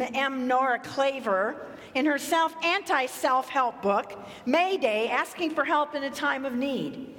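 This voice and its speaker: Woman pastor telling stories in her sermon, high voice, church echo. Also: a bit bright, a little hiss or hum. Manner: storytelling, conversational preaching. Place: church sanctuary. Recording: echoey church hall.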